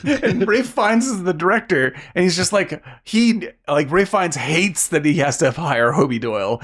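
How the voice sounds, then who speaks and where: A man co-hosting a podcast, chatting excitedly about a film, laughing often and restarting his sentences. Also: fairly high pitch, normal speed. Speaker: podcast co-host. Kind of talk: casual movie chat.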